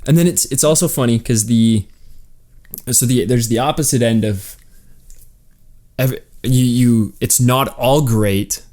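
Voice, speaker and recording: A man's voice: medium pitch, mellow. A man co-hosting a casual podcast with his wife, thinking aloud with many restarts and mimicking others in exaggerated voices. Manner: halting, restarts often while thinking aloud. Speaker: podcast co-host. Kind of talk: casual chat.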